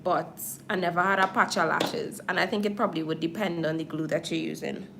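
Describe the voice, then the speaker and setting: A woman's voice: on the low side, fairly even intonation, brisk, vocal fry, noisy background. A makeup artist chatting casually with her viewers on a livestream while she applies false lashes. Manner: chatty, talks straight to viewers.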